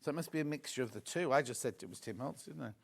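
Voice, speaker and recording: A man presenting a live TV shopping demo, chatty and excitable, gushing over the products and chatting with viewers and crew. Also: medium pitch, very fast, vocal fry.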